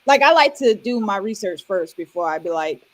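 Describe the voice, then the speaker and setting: A woman co-hosting a podcast, telling a story in relaxed, chatty casual talk. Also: medium pitch, fairly quick, rough recording. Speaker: podcast co-host. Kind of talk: casual chat.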